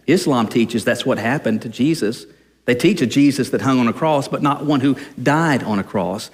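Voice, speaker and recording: A man preaching a sermon in an earnest way, pausing and restarting as he speaks. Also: fairly high pitch, in a large hall. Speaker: pastor.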